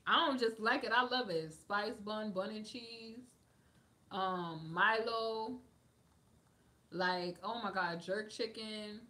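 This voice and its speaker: A woman's voice: medium pitch, slow pace, sharp tone. A woman hosting a livestream, chatting casually and answering viewers' comments, with lots of "like" fillers as she drifts between topics. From United States. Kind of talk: casual chat.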